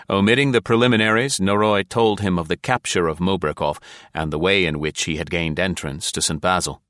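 In scripted audiobook narration, a deep-voiced man tells the story at a measured, even pace. The studio sound is clean, with no echo.

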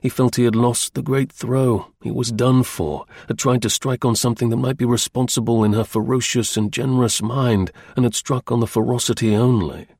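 Male audiobook narrator, husky and gravelly, measured literary delivery. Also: mid-range voice, fairly even intonation, darkish tone, no echo, clean studio sound. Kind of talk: scripted narration.

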